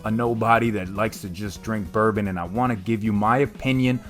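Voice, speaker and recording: A man chatting casually to his viewers while unboxing comics and tasting bourbon, often calling them "guys" and filling pauses with fillers. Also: fairly low pitch, steady tone, soft background music. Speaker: vlogger reviewing comics and bourbon.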